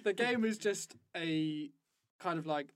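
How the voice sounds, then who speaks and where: A man chatting casually about a video game, animated, swearing freely and acting out lines of game dialogue. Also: on the high side, takes it slowly. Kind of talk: casual gaming chat.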